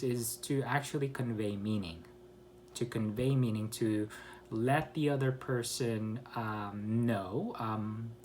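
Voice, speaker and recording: Teaching English pronunciation online, a man speaks slowly, pausing and correcting himself as he goes. He demonstrates example questions by exaggerating the rise and fall of his pitch, with slight background noise behind him.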